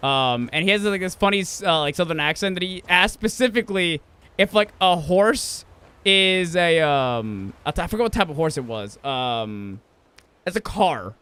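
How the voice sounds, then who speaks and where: A man's voice: fairly high pitch, lively intonation, moderate pace, bright, forceful tone, clean tone. A man streaming a game, chatting casually and profanely with friends, rambling and correcting himself as he goes. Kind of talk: casual gaming stream chat.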